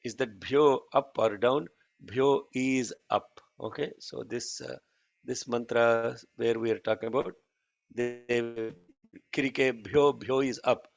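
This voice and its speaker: A man teaching a chanting class online, patiently correcting pronunciation and demonstrating lines slowly. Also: mid-range voice, steady tone, creaky, muffled recording.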